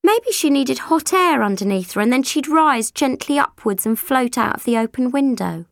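A woman narrating an audiobook, with expressive voices for each character. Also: sits high, normal speed, creaky, dry recording, clean studio sound.

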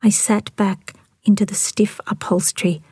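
A woman author reading her own novel aloud in a soft, even whisper. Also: mid-range voice, moderate pace, no room sound, studio quality. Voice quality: breathy. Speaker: author and audiobook reader. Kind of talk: whispered audiobook narration.

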